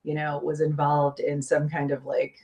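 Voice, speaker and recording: Low-voiced Midwestern woman, chatty. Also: monotone, moderate pace, darkish tone. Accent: Midwestern American. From American Midwest. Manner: chatty, laughs often, trails off mid-sentence. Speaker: podcast co-host. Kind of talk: casual chat.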